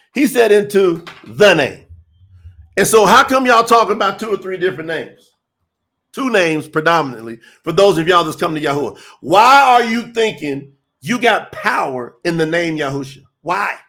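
Guy preaching casual and emphatic, high voice with some gravel in it. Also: sing-song, normal speed, a bit bright. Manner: emphatic, conversational, rhetorical questions. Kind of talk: informal sermon.

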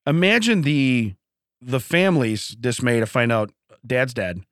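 A man's voice: medium pitch, a little slow, clean tone, no echo, clean studio sound. A man co-hosting a morning radio show, bantering casually and laughing often as he tells stories. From Illinois. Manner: laughs often, animated storytelling.

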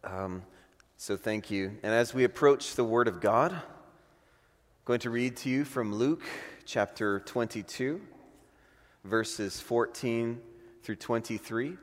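A man from the western United States, a guest pastor, thanking a church and then reading scripture slowly and earnestly. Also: mid-range voice. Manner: grateful, earnest, reads scripture slowly and deliberately. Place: church sanctuary. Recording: long church hall reverb.

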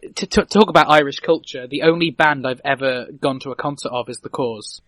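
A man's voice: medium pitch, quick pace, a bit bright, dry recording. A young man from England, chatting enthusiastically on a podcast and often stammering and restarting his sentences. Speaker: podcast co-host. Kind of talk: casual chat.

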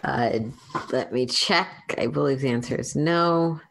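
Low-voiced woman playing a tabletop game. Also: a little slow, gravelly. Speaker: player.

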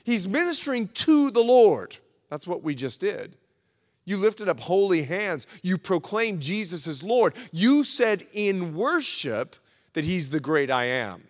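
A male pastor preaching a sermon at a men's breakfast, telling the story with animated delivery and acting out what people say. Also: high voice, measured pace, in a large hall. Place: church hall at a men's breakfast.

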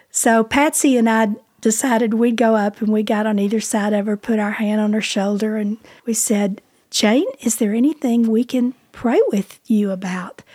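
A woman telling a personal story in a conversational, expressive way, as a co-host of a ministry talk. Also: on the high side. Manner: conversational, expressive, drops to a whisper when quoting.

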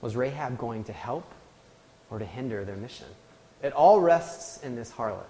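A man's voice: medium pitch, expressive, moderate pace, warm tone. A man preaching a sermon, telling a personal story in a conversational, self-deprecating way. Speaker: pastor. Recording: long hall reverb.

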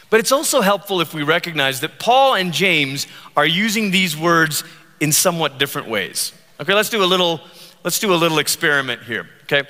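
A man preaching a sermon as pastor, animated and joking, acting out the voices he quotes. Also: high voice, in a large hall.

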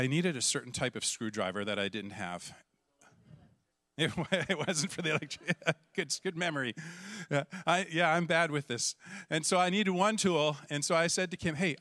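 A middle-aged man from Canada, a pastor telling a lively story in a sermon and acting out the voices in it. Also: medium pitch, no echo, studio quality. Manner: animated, acts out voices and shouts in the story.

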